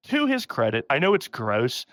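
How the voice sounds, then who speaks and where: A man's voice: medium pitch, normal speed, no room sound. A man hosting a casual podcast, retelling a story with frequent laughter and quotes acted out in a raised voice. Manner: animated, laughing often, acts out quotes in a raised voice. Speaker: podcast host.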